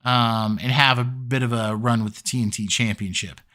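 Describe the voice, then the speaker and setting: Bright-voiced man reviewing wrestling casually. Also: medium pitch, fairly even intonation, normal speed. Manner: chatty, filler-heavy, laughs easily. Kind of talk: casual solo commentary.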